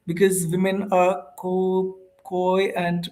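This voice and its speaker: A man's voice: high voice, moderate pace. Chatty Indian man full of fillers. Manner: hesitant, many fillers and restarts; informal, calls viewers bro and ma'am. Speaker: host of an English practice livestream. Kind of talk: casual livestream chat, reading viewer comments.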